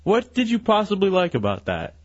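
Brisk and sarcastic, this radio co-host speaks in a high-sitting voice whose pitch swoops wildly as he mocks his way through casual banter. His voice comes through a muffled radio broadcast with faint music behind it.

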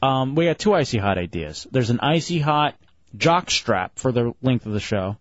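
A man's voice: medium pitch, big pitch swings, no echo. Male late-night radio host, loose jokey banter, dry slightly dull studio sound. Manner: loose, jokey, drawn-out exclamations.

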